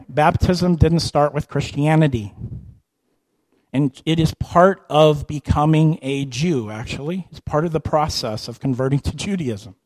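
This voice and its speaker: A man with a notably high voice delivers a sermon. He moves between hushed, explanatory stretches and lifted, emphatic declarations, now and then slipping into the voices of imagined listeners. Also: no echo, low-quality recording. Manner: animated, rises and drops in pitch and volume, acts out listeners. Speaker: preacher.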